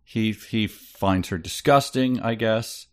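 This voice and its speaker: A man with a notably deep, low voice chats casually on a book podcast. He reads passages aloud in a dry, sarcastic way and breaks off to mock them. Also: slow. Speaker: podcast co-host. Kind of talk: casual book-review chat.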